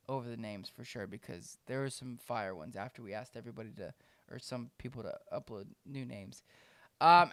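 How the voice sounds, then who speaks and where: A man co-hosting a casual fantasy football podcast, reading out names with animated delivery and frequent laughs. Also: medium pitch, smooth, dry recording, clean studio sound. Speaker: podcast co-host. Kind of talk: casual chat.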